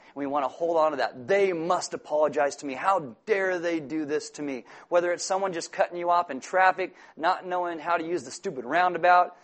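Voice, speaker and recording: A man preaching a sermon, earnest and emphatic, with sudden loud bursts when he tells a story. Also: fairly high pitch. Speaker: pastor.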